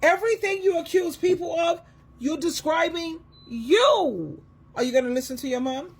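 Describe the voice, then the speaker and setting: A middle-aged woman, an advice coach and Christian counselor, talking in an emotional monologue, emphatic and repetitive, swinging from loud to soft. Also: very high-pitched, expressive, normal speed.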